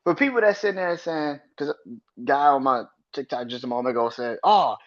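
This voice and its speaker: A man's voice: on the high side, lively intonation, brisk, muffled recording. A man hosting a solo sports podcast, ranting with heated profanity and arguing back at imagined critics. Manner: emphatic, argues with imagined critics.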